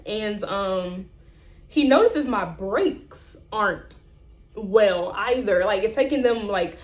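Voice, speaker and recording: A woman's voice: on the high side, reverberant. A young woman vlogger telling a rant-style story, acting out the people in it. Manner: animated, acts out both sides of conversations.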